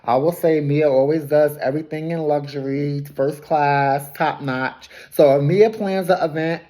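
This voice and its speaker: A woman gives a casual, gossipy recap of a reality TV episode, laughing often, throwing shade and correcting herself along the way. Her voice sits low with a dark tone, fairly even intonation and a measured pace, and her phrasing is loose and colloquial.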